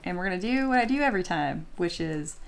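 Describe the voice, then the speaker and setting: A woman's voice: fairly low pitch, expressive, fast talker, gravelly. A woman teaching 3D sculpting on a live stream, chatty and self-deprecating, laughing often and reading viewer comments aloud. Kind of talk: casual live-stream tutorial.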